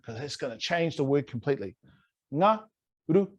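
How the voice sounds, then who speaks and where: A man's voice: a little high, animated, moderate pace, dull audio. A man teaching a language in an online lesson, playful and over-pronouncing words to demonstrate them. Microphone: video call.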